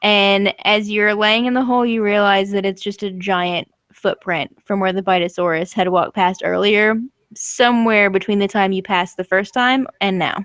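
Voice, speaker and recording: A woman's voice: medium pitch, steady tone, normal speed, fairly bright tone, clear, resonant tone, no echo. A young woman narrating as game master, laughing often as she goes.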